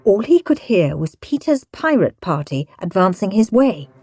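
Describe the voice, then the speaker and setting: A woman narrating a children's audiobook in an expressive way, acting out the characters. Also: mid-range voice, normal speed. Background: background music.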